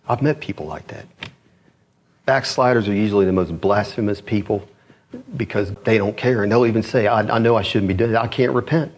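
A male pastor preaching a sermon, telling a story with quoted voices and swinging from raised to low, quiet delivery. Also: fairly quick, slight background noise. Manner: rising and dropping pitch, animated storytelling with quoted voices. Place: church.

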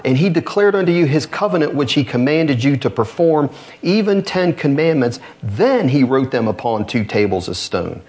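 A man preaching a sermon, reading scripture aloud in a lower, slower voice and lifting his pitch to drive points home. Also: darkish tone. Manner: reads scripture low and slow, then rises to press points.

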